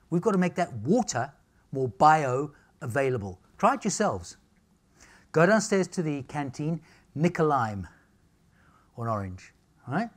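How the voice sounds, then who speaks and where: A man's voice: on the high side, breathy edge. A middle-aged man, giving a cheeky, joking lecture on nutrition to a live audience. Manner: cheeky, jokey, animated storytelling.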